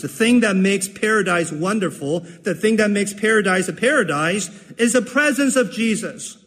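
A man's voice: high-pitched, animated, moderate pace, hardly any pauses, fairly bright tone, big-room sound. A man preaching a sermon in an earnest way, repeating key phrases for emphasis. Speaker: pastor.

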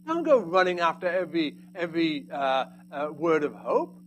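A man preaching a sermon, swinging between loud emphatic lines and hushed, quiet asides. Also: fairly high pitch, expressive, normal speed, slight background noise, poor audio.

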